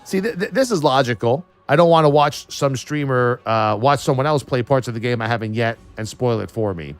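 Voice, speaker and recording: A man's voice: medium pitch, brisk. A man streaming live and riffing in a casual, profane and sarcastic way.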